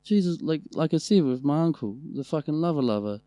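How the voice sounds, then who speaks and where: A man's voice: on the high side, fairly quick, dry recording. Swearing New Zealand man telling stories. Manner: animated, swears a lot, acts out family members' voices. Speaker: podcast co-host. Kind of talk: casual storytelling chat.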